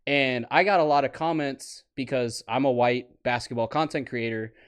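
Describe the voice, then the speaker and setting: A man's voice: mid-range voice, moderate pace, clear, resonant tone. A young man hosting a casual podcast chat, chatty and prone to tangents, laughing at his own stories. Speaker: podcast host.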